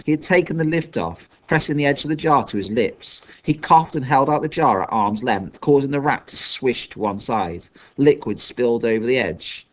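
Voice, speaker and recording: A male audiobook reader narrating a novel with lively, rising and falling intonation. His voice sits at a middling pitch and tells the story expressively. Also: moderate pace, few pauses. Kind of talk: scripted narration.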